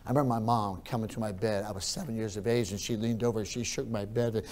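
Male pastor, sermon, hushed storytelling then loud preaching, repeats phrases. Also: lowish voice, fairly even intonation, fast.

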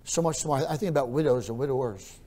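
Guy preaching a sermon, goes quiet then really loud, says stuff over and over. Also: medium pitch, quick pace. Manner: repeats phrases for emphasis. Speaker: pastor.

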